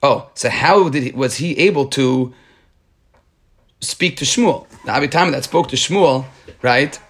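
Reading Aramaic aloud from a Talmud page and then explaining it in English, this teacher restarts himself often. He has a mid-range voice that is a little slow, slightly rough, and a bit bright.

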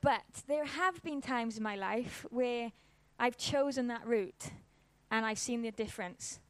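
A woman's voice: fairly high pitch, unhurried, no echo. A woman, giving an informal church talk and telling a personal story in a casual, conversational way. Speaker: church speaker.

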